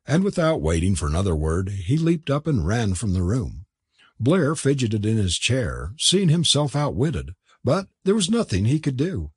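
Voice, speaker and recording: A man narrating an audiobook in a measured storytelling manner. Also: medium pitch, big pitch swings, husky, no echo, clean studio sound.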